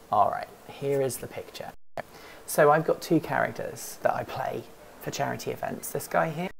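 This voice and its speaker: A woman's voice: extremely low pitch, creaky, slight background noise. A woman hosting a casual livestream from an office, rambling, thinking aloud and answering chat questions as she goes. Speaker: host of a livestream hangout. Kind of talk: casual live-stream chat.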